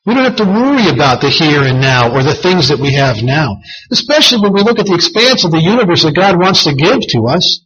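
A man's voice: a little high, very animated, a little fast, a bit bright, slight background noise. A man preaching a sermon, reading scripture aloud in an earnest, emphatic way. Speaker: pastor. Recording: dull lo-fi sound.

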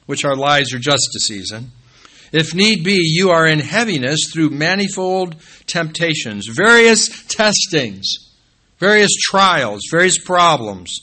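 A man preaches a sermon in a church with a bright, forceful tone. His voice climbs to emphatic peaks on key phrases. It falls low and soft whenever he names the next passage. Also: very animated, a little slow. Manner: rises to emphatic peaks, drops low and quiet when calling out scripture references. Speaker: pastor.

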